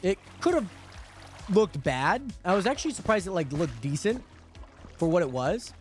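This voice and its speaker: A man's voice: high voice, big pitch swings, normal speed. A man livestreaming a game, chatting casually and rambling to his viewers as he plays. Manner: rambling, chatty, talks to chat viewers between game actions. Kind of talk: casual gaming livestream chat. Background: background music.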